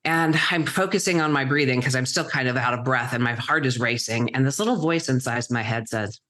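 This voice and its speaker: Woman, middle-aged, very low pitch, interview guest, present-tense storytelling, dramatic pauses. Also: a bit bright. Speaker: guest entrepreneur.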